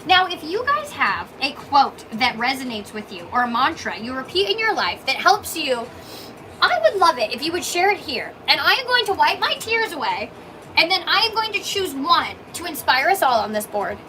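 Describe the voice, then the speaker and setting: Woman, from Canada, bubbly and gushing, bright high voice, faint shop noise behind. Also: big pitch swings, moderate pace. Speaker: coffee shop owner livestreaming. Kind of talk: casual livestream chat reading comments. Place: small coffee shop, indoors.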